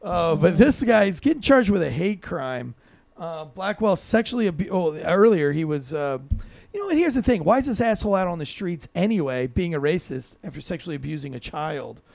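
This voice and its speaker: A man's voice: high voice, big pitch swings, a little fast, gravelly, a little mellow, dry recording. A man co-hosting a comedy podcast as a former cop, talking in a profane, joking way. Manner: profane, jokey, acts out quoted voices. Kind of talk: casual comedic chat.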